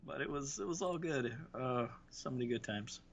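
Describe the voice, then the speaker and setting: A man chats casually while hosting a live gaming stream. He rambles through memories with plenty of fillers and false starts. His voice sits at a middling pitch, and it comes through a headset mic with slightly muffled stream audio and a faint hiss. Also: animated, normal speed, creaky. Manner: rambling, reminiscing, many restarts and fillers. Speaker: livestream host.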